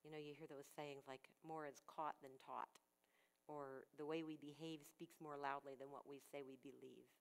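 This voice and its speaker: A woman's voice: sits low, flat delivery, moderate pace, low-quality recording. Earnest woman giving a devotional talk. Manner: earnest, repeats key phrases for emphasis. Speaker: speaker at a women's ministry gathering.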